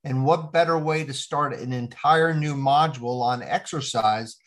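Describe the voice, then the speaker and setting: A man's voice: mid-range voice, normal speed, a bit bright. Male podcast host, fifties, easygoing conversational delivery with frequent fillers. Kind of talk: casual podcast chat.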